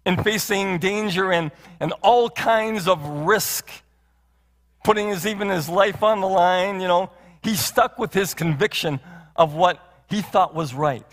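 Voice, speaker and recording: Pastor guy preaching in a church, high voice, long hall reverb, keeps asking questions. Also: measured pace, fairly bright tone. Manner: earnest, repeats phrases and asks rhetorical questions. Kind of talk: sermon. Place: church sanctuary.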